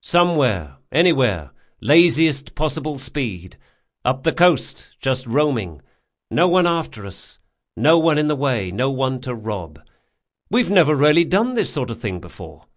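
A man voicing a wily, stubborn young male thief with quick, wry retorts in an audiobook. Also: medium pitch, big pitch swings. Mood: tender wry. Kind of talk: audiobook character voice.

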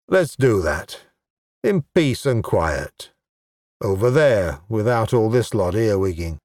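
A man's voice: on the low side, sing-song, takes it slowly, a little mellow, no room sound. A man voicing a sly, scheming male goblin chieftain in a dry, sardonic, exasperated manner, recorded close and dry.

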